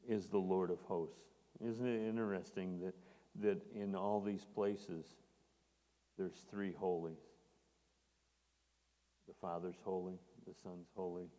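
Deep-voiced preacher in a reverberant hall. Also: male voice, mellow. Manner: earnest, rising to emphatic on scripture quotes. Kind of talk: sermon.

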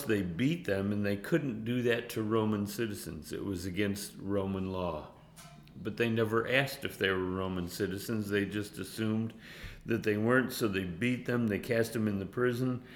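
A man teaching a Bible passage casually, halting often and chuckling between points. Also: on the low side, roomy sound. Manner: halting, with many fillers and chuckles.

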